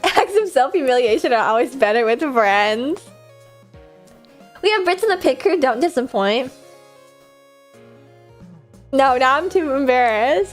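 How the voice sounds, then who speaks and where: A high-voiced young American woman runs her livestream in loose, bubbly chatter. She laughs often and swears freely while answering chat, with soft music in the background. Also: lively intonation, unhurried, long pauses. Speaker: livestream host. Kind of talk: casual stream chat, reading chat aloud.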